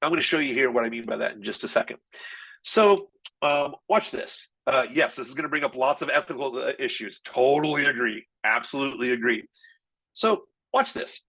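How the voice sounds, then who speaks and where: A man presenting marketing tools in an energetic, chatty live software demo, with quick shifts in pace. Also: medium pitch, low-quality recording.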